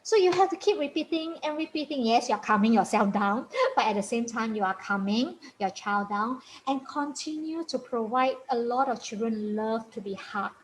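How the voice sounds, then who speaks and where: A woman with a fairly high voice gives an informal parenting talk. She is chatty and encouraging, and she repeats key points. She keeps checking in with the listener as she goes. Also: animated, normal speed, few pauses, a little hiss or hum, poor audio. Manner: chatty and encouraging, laughs often, repeats points, tag questions. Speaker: parenting coach.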